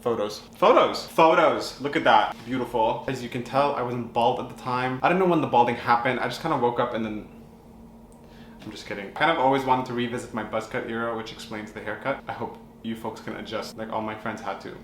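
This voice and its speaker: A man's voice: medium pitch, steady tone, quick pace, a little hiss or hum. A young man telling a campy, chatty storytime vlog with lots of expression. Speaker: vlogger. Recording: echoey room with faint ambience.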